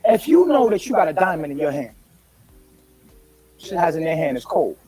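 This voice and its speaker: High-pitched man retelling events in a profane, preachy, streetwise way. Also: sing-song, moderate pace, warm tone, breathy edge, faint music behind, rough recording. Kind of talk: storytelling in a played clip.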